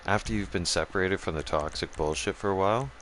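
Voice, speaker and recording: A man hosting a gaming channel rants fast in a low, fairly bright voice, cursing as he chats casually and talks straight to his viewers. The audio carries a bit of hiss or hum.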